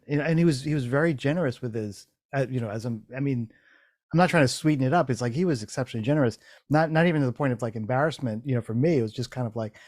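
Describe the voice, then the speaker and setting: A man's voice: mid-range voice, rapid-fire, a little mellow, dry recording. Rambling man telling a story, dry sound. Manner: rambling, profane storytelling with many restarts; acts out his own inner voice in quotes. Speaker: podcast host. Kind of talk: casual chat.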